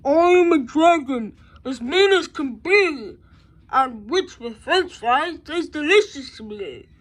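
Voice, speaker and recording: A woman voicing a mean, hungry male dragon in a storybook reading, with slow, drawn-out menace. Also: sits high, animated. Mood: menacing.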